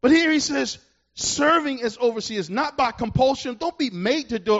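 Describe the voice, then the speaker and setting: High-voiced pastor preaching with emphatic bursts. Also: male voice, expressive, a bit bright, highs cut off. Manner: preaching with rising emphatic bursts and drawn-out verse reading. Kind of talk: sermon.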